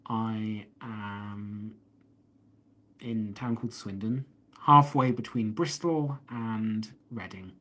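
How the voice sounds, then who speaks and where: A man's voice: on the low side, slow, a bit bright. A man with an English accent hosting a casual live stream, rambling as he reads viewer comments aloud and answers them, talking into a phone he holds up. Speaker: host of a live stream about watches. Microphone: phone held up.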